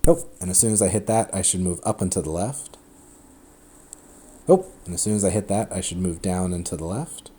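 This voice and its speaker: A man giving a recorded math lecture at a board, chatty and animated, often breaking off and restarting his sentences. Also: low voice, brisk, breathy edge. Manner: chatty, self-interrupting, animated explanations.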